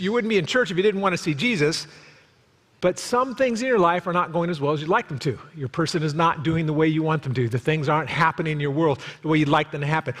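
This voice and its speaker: A man preaching a sermon as pastor in a church, animated and joking, acting out the voices he quotes. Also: fairly high pitch. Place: church sanctuary. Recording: long hall reverb.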